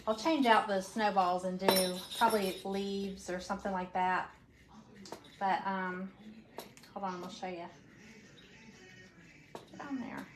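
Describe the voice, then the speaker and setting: A woman's voice: medium pitch, flat delivery, a little slow, pauses often, background noise. A woman chatting casually to viewers while she works on a craft project live from home. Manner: chatty, talks while working with hands, addresses viewers as y'all. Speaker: craft live-stream presenter.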